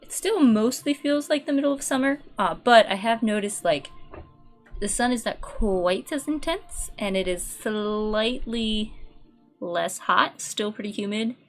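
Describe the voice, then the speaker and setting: A woman's voice: medium pitch, measured pace, faint music behind. A woman streamer chatting casually in a rambling, filler-heavy way while she paints.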